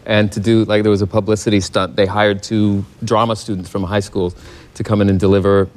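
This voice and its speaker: A man's voice: lowish voice, little pitch movement, a little fast. A man from Oklahoma, a talk show guest, telling a story in an easygoing, self-deprecating way. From Oklahoma, United States. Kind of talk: casual talk show chat.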